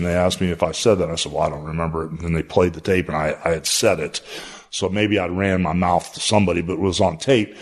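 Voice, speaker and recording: An older man, a podcast guest, telling a long story in a rambling, folksy way with many fillers. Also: low voice.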